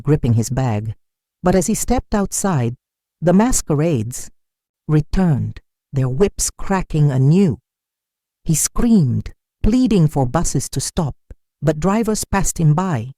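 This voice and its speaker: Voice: medium pitch, big pitch swings, slow, dark tone, dry recording, studio quality. A storyteller giving scripted, dramatic narration of a folk tale.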